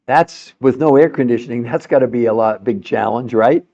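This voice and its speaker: An older man hosts a health show, chatting casually and animatedly with a caller on a live call-in, often laughing and using her name. His mid-range voice is warm and at normal speed, and the sound is lo-fi.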